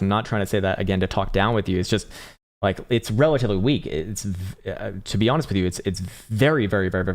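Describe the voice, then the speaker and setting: Casting: young male livestream host, very low voice, relaxed, swears casually, laughs a lot while reading chat. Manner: laid-back, swears casually, laughs often, answers chat. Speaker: trading analyst livestream host. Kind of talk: casual live chart analysis.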